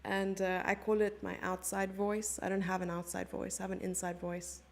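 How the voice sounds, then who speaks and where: A woman's voice: mid-range voice, monotone, moderate pace, vocal fry, a little hiss or hum. A young South African woman commentating a chess stream live and chatting with her viewers in a giggly, casual way. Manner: chatty, giggly, reads chat messages aloud.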